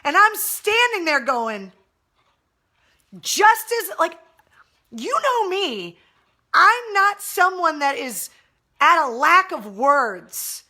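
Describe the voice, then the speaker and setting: A woman with a high, bright voice tells a story in an animated, blunt way. She is a radio host chatting casually on a live stream, and she swears freely. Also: slow pace, pauses often.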